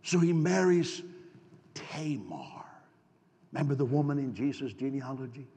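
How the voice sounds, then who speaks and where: In a church sanctuary, a pastor delivers a folksy storytelling sermon, stammering and restarting as he throws rhetorical questions at the congregation. His voice is warm and on the high side, and he speaks quickly. Long hall reverb colors the recording.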